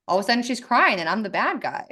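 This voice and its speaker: A woman's voice: medium pitch, fast talker. A woman in her thirties, a podcast guest talking candidly and with lots of energy in a casual conversation. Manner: candid, animated, swears freely.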